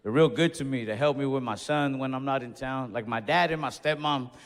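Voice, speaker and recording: A young man doing a stand-up comedy set, telling stories in a laid-back, deadpan way with quick asides. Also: mid-range voice. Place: comedy club stage. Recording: reverberant club hall with faint crowd noise.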